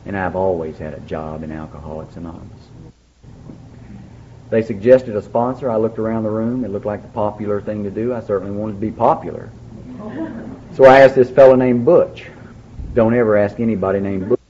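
A man's voice: on the low side, brisk, warm tone, slight background noise. A man speaking at a recovery meeting, telling his story in a folksy way with dry humor. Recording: dull lo-fi recording, faint background.

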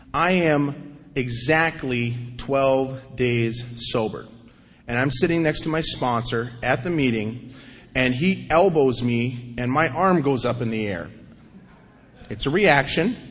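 A middle-aged man sharing his recovery story at a meeting, animated and self-mocking, acting out the voices of people in his story. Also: medium pitch. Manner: animated storyteller, acts out quotes, self-mocking, repeats himself. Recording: long reverb of a hall.

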